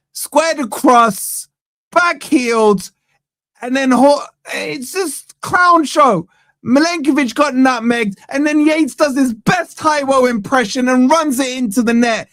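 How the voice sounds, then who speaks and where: A man's voice: extremely high pitch, a bit bright, no room sound. A man hosting a fan channel, giving live watch-along commentary on a match from a studio, ranting in exasperation and tagging "man" onto nearly every line.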